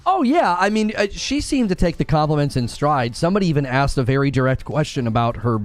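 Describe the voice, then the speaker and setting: An American man hosts a co-stream, chatting loosely and casually in a fairly high, expressive voice at a fast pace. He rambles and peppers his sentences with small verbal fillers while faint music plays behind him. The recording is dry.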